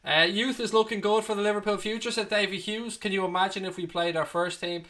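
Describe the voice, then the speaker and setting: A man's voice: sits high, fairly even intonation, fairly quick, sharp tone. A man, hosting a casual live stream, reading out viewer comments and joking back with banter and swearing. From Ireland. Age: 30s. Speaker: fan channel host reading live chat. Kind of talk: casual livestream chat.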